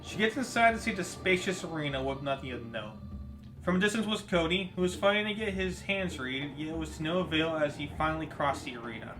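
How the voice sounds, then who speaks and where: A man's voice: fairly high pitch, animated, fairly quick, poor audio. A man narrating a fan audio drama in a plain storytelling way, with small reading slips. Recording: music bed under voice. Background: music.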